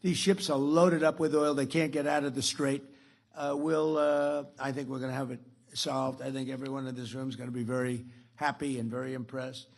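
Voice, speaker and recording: A man's voice: mid-range voice, level tone, brisk. A man in his seventies giving a rambling, boastful after-dinner speech at a podium, restarting sentences and adding asides. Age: 70s. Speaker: speaker at a club dinner. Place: dinner event.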